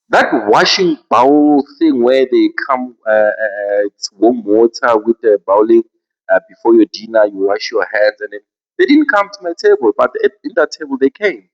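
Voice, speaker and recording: A South African man hosts a casual podcast and tells his story with an animated, swinging delivery. His voice sits in a middle pitch range. The recording is slightly dull and lo-fi. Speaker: podcast host.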